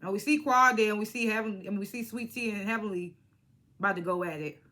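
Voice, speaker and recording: A young woman vlogging a casual reality TV recap, animated and slangy, laughing as she acts out what the cast said. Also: medium pitch, fast talker. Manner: animated, laughing, slangy retelling with acted-out quotes. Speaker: reality TV reviewer.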